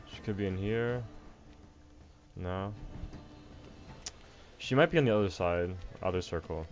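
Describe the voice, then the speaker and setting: A man's voice: fairly low pitch, muffled recording. A man giving casual let's-play commentary, chatty and jokey, reading tasks aloud. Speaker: gaming youtuber.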